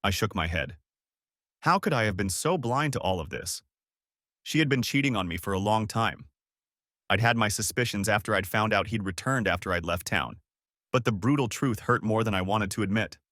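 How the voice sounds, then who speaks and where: Low-voiced man narrating a story. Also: normal speed, a bit bright, dry recording, studio quality. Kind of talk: first-person story narration.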